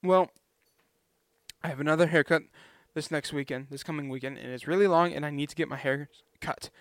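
A man's voice: on the high side, steady tone, a little fast, no room sound, studio quality. A young man vlogging in a casual, rambling way, chatty and self-deprecating.

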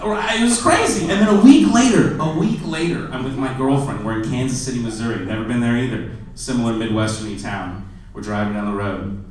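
A man's voice: fairly quick, far from the mic. Self-mocking young stand-up man in an echoey club. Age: 20s. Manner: self-deprecating, swings from low mutter to loud shouted bits. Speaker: stand-up comedian. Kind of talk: stand-up comedy set. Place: comedy club stage. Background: audience laughter.

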